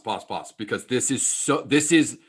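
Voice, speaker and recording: Man, podcast host, casual talk, emphatic, fired-up, average pitch. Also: lively intonation, moderate pace, breathy edge.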